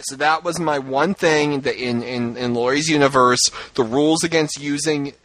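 Guy ranting on a podcast, bright punchy voice, gets loud and high when he acts stuff out. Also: no room sound, low-quality recording. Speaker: podcast co-host. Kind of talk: casual chat.

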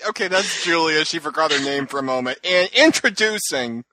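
A man hosting a podcast in casual chat, an animated storyteller who laughs often and acts out quotes. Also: on the high side, fairly quick, heavy background noise. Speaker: podcast host.

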